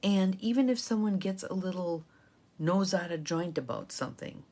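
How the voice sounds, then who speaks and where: An older woman giving casual, encouraging guidance on setting boundaries, chatting to viewers in a warm, chatty way. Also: on the low side, expressive, normal speed. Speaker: intuitive guidance coach. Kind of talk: casual motivational talk to live viewers.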